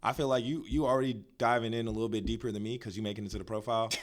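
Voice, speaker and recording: A man's voice: mid-range voice, fairly even intonation, very fast, background noise. A young man co-hosting a podcast, chatting casually and joking with lots of fillers. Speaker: podcast co-host. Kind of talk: casual chat.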